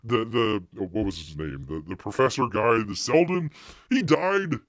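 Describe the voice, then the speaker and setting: A man's voice: fairly low pitch, animated, moderate pace, a bit bright, no echo, clean studio sound. A man hosting a live stream, chatting casually in a rambling way, with frequent restarts and laughter. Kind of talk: casual review chat.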